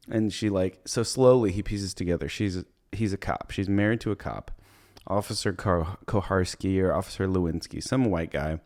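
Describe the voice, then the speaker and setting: A young man hosting a comedy podcast, recapping a movie in a rambling, profane way, laughing as he goes and slipping into quick character voices. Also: low voice, darkish tone. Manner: rambling, profane, laughs while retelling scenes and puts on brief character voices.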